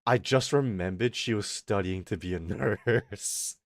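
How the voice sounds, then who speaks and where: A man's voice: on the low side, a little slow, dry recording, clean studio sound. A young man streamer telling a rambling, swear-filled story, acting out the other people in it. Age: young adult. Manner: swearing, animated retelling with quoted voices. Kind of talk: casual storytelling rant.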